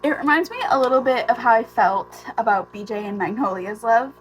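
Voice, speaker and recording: A young woman talking casually in a reading vlog, emotional and ranting, swinging from hushed asides to exasperated outbursts, tired from lack of sleep. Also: on the high side, a little fast, slight background noise. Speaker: book vlogger.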